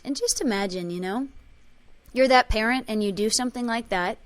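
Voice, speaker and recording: A woman leading a spiritual workshop, telling emotional personal stories with quoted dialogue and chanting a repeated clearing phrase. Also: a little high, brisk. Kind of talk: talk to a group.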